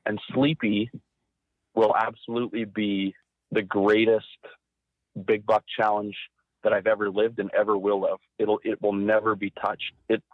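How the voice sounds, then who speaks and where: A man's voice: fairly low pitch, level tone, normal speed, dry recording. A man from Saskatchewan, telling an intense, vivid hunting story as an interview guest and acting out quotes. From Saskatchewan, Canada. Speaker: guest hunter. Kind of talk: animated storytelling. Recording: tinny phone-like line.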